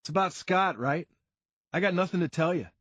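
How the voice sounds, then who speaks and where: A man's voice: high-pitched, a little fast, a bit bright, no room sound, lo-fi sound, pitched above the performer's own voice. A man voicing a defensive young man who snaps and swears. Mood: hostile. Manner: aggressive, swearing.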